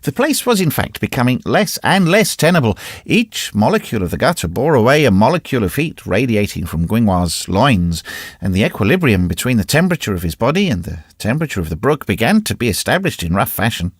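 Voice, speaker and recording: A man reading a classic novel aloud as an audiobook narrator, in an expressive, varied reading. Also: medium pitch, a little fast, husky, no room sound, clean studio sound. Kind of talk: scripted narration.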